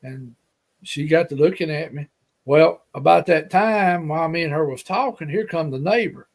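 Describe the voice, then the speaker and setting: Alabama-accented male guest, folksy rambling storyteller, voice on the higher side. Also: vocal fry. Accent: Alabama Southern. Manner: folksy, rambling, repeats himself. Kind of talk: casual storytelling.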